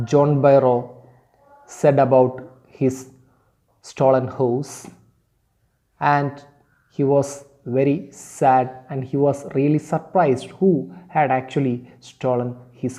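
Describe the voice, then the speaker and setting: A male teacher giving an online class, explaining a story slowly with hesitant fillers. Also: medium pitch, mellow.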